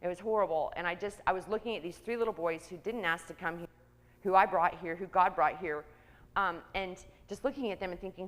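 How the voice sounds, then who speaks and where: A woman who works as a church outreach coordinator, giving a candid personal testimony in a conversational way, with many pauses and ums. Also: on the low side, a bit bright. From Kansas, US. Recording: reverberant church hall.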